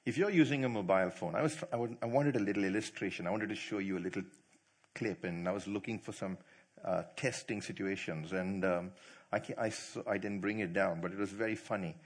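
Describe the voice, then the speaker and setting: A man preaching to church leaders, quizzing the audience and telling stories with animated delivery. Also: deep voice, a little fast, breathy edge. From not from India. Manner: animated, asks the audience questions, laughs easily. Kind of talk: sermon.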